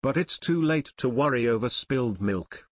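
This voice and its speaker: A man's voice: mid-range voice, expressive, moderate pace, dry recording, natural voice. A man voicing a level-headed, decisive teenage boy detective in an audiobook. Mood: firm. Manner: firm, decisive.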